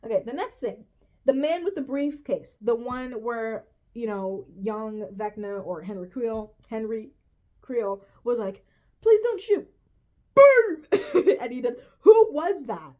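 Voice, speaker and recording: A woman's voice: fairly high pitch, lively intonation, unhurried, dark tone. A woman ranting casually to her viewers, profane and exasperated, rambling with restarts and self-corrections. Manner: profane and exasperated, says "bro" often. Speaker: vlogger reviewing a TV finale. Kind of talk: casual rant to camera.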